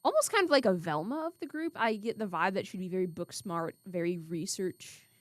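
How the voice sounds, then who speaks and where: Young woman, podcast co-host, chatty and meandering, medium pitch, dry booth sound. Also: animated, a little fast, dry recording. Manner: chatty, thinks aloud with restarts. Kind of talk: casual podcast chat.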